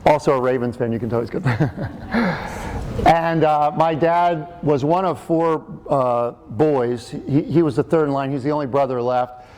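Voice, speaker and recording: A middle-aged man tells a personal story to an audience in a chatty, joking way, stumbling over fillers and restarts. His voice sits a little higher than most men's. A faint hum of ambience sits behind him. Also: unhurried, darkish tone. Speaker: speaker and author. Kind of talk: humorous personal storytelling talk.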